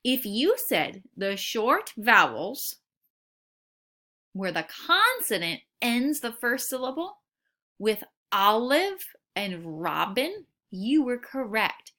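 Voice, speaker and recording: A woman teacher giving a recorded phonics lesson to young students, slowly sounding out words and syllables. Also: fairly high pitch, big pitch swings, sharp tone.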